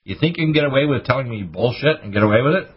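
Male talk radio host, husky voice, fervent preachy ranter, muffled audio. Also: animated. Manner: preachy, urgent, rapid rants with sudden high bursts.

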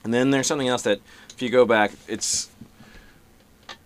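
A middle-aged man, a comedian and musician, talking casually and profanely, speeding up and slowing down and shifting loudness as he explains. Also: medium pitch, smooth. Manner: animated, shifts pace and loudness to illustrate rhythm; profane, conversational. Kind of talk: casual podcast conversation.

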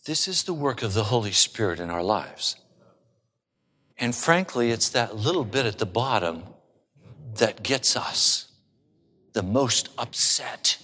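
A man preaching in an unhurried, deliberate rhythm, telling stories and slipping in humor as he goes. His voice carries a long reverb, as if he is recorded in an echoey church hall. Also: medium pitch, expressive, sharp tone. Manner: storytelling with humor. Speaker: pastor. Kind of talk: sermon.

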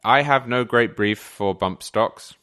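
A man's voice: medium pitch, takes it slowly, fairly bright tone. A man from England with a received pronunciation accent, a guest on a podcast making his case in an articulate, emphatic way. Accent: English received pronunciation. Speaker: guest commentator. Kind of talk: podcast conversation.

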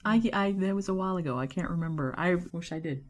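A middle-aged woman chats as an interview guest with a low-pitched voice. She tells her stories animatedly, laughs often and acts out the voices of the people in them. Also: quick pace. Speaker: guest, animation director and storyboard artist. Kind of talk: casual interview storytelling.

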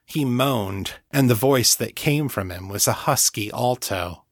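A man narrates a novel at an unhurried, deliberate pace. His voice sits in a middle register and the recording is dry and close. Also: mid-range voice, no room sound. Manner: slow, measured reading. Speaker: audiobook narrator. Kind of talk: scripted narration.

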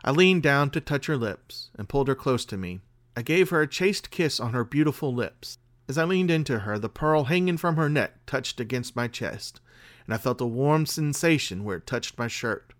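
A man hosting a podcast and reading a spooky tale aloud in a measured, dramatic way. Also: mid-range voice, lively intonation. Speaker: podcast host and story reader. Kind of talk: scripted story narration.

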